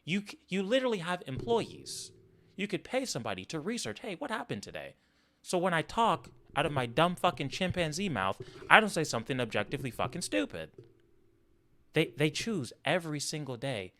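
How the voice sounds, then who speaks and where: A man's voice: a little high, sing-song, fairly quick, fairly bright tone. Profane ranting streamer man. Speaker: streamer reacting to podcast clips. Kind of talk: angry reaction commentary.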